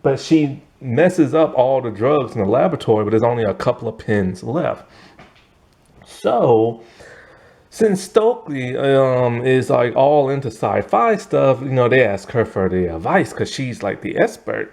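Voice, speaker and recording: A man's voice: mid-range voice, animated, unhurried, creaky, a little mellow. A man casually recapping a movie plot, laughing as he acts out the characters' lines. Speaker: movie reviewer.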